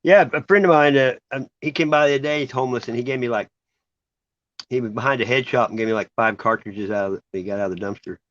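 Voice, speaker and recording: A man's voice: mid-range voice, fast, fairly bright tone, dry recording. Laid-back rambling man. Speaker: host. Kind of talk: casual chat. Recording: dry dull lo-fi sound.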